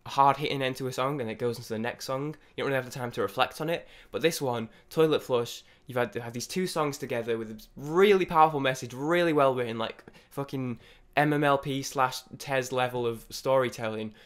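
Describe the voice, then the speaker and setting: A young man giving rambling, excitable off-the-cuff first impressions of an album, with many restarts and some swearing. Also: mid-range voice, a little fast, few pauses. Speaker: music reviewer.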